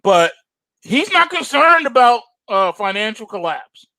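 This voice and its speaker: A man's voice: very high-pitched, sing-song, measured pace, sharp tone, no room sound. A man hosting a trading show, chatting casually, laughing hard and exclaiming in disbelief. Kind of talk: casual chat.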